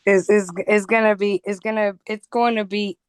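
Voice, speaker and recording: A woman co-hosting a podcast in casual chat, animated and quick to laugh, often stammering into restarts. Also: medium pitch, clear, resonant tone, no room sound. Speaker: podcast co-host.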